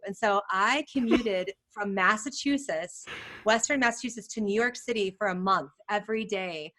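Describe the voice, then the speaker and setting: A woman from the United States, a photographer guest on a podcast, telling stories in a casual, animated way and acting out what others said. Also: mid-range voice, normal speed. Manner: animated, laughing, acts out quotes.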